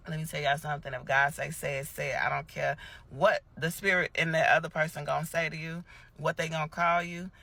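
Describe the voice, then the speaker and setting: A woman tells a spoken testimony with a preacher's fervor, acting out what each person said. Her voice is gravelly and raspy, with a bright, forceful edge. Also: low voice, fairly even intonation, brisk. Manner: preachy storytelling, acts out dialogue. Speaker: Christian testimony vlogger.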